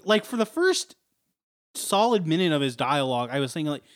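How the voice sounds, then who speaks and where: Excitable man co-hosting, slightly high. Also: fairly quick, no echo, clean studio sound. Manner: excitable, jokey, breaks into laughter. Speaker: podcast co-host. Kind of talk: casual chat.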